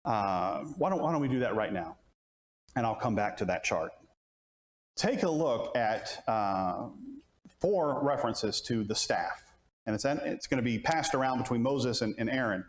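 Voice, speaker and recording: A man's voice: mid-range voice, expressive, measured pace. A man preaching a conversational Bible lesson to a class, asking questions and restarting his sentences. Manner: asks the audience questions, many restarts. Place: church classroom. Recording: roomy church room sound.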